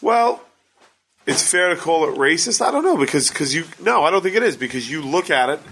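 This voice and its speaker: Podcast co-host guy, bright sharp tone, blunt and quick to jump in. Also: a little high, sing-song, a little hiss or hum. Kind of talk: casual chat.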